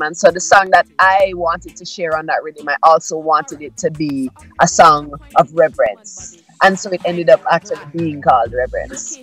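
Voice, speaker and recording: A woman, a musician guest on a radio interview, talking calmly and reflectively with many "you know"s. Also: low voice, normal speed, hardly any pauses, husky, soft background music.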